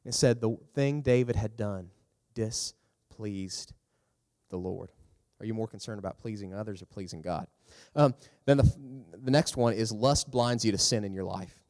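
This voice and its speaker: A man giving a youth sermon in a lively, storytelling manner, acting out the characters as he talks. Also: normal speed. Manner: animated, acts out characters with big pitch jumps. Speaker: youth pastor. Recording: long hall reverb.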